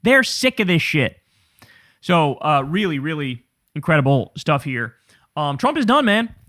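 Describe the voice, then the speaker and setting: A man's voice: a little high, sing-song, a little slow, fairly bright tone, no room sound, studio quality. A man hosting a political commentary show, ranting in a profane, sarcastic, fired-up way.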